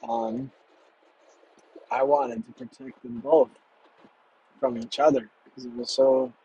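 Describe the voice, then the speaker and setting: Slow, halting male storyteller. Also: on the high side, big pitch swings, creaky, warm tone, dull audio, a little hiss or hum. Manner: halting, measured, with pauses.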